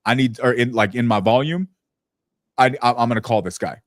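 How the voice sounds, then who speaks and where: A man hosting a casual business podcast who tells stories bluntly and profanely and slips into lively impressions of people. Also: mid-range voice, a little fast, no echo, clean studio sound. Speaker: podcast host.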